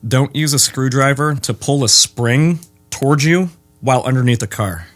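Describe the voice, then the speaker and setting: A man from the Midwest, a guest who makes bass guitars, chatting casually in an interview with dry humor and frequent pauses.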